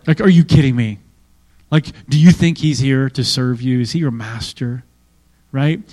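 Preaching in a voice on the high side, a male pastor keeps his sermon conversational and animated. He throws in plenty of asides and puts questions to the congregation.

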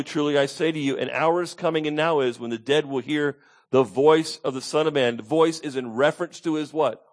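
Male pastor mid-sermon, slightly higher voice, emphatic, prompts the room to answer. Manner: emphatic, repeats key points, asks the congregation to answer.

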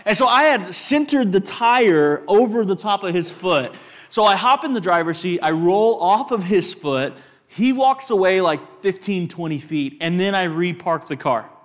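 A young man with a West Texas accent, a guest speaker telling lively personal stories at church and putting questions to the audience. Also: high voice, normal speed. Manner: animated storyteller, asks the audience questions.

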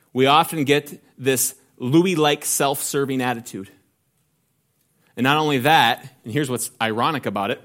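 A man's voice: a little high, a bit bright. Earnest male pastor preaching. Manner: earnest preaching with rhetorical questions, slows for emphasis. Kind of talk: sermon.

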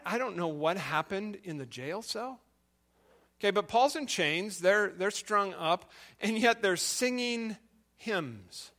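High-voiced bright male preacher. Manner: storytelling, asks the listeners questions. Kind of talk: sermon.

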